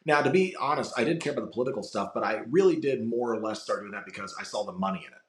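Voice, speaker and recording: A man from the United States talks casually as a podcast guest, with a lowish voice. He tells rambling stories and swears freely. The sound bounces around an echoey room. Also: expressive, racing. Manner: rambling storytelling with frequent swearing. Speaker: guest, wrestling content creator. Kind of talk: casual interview chat.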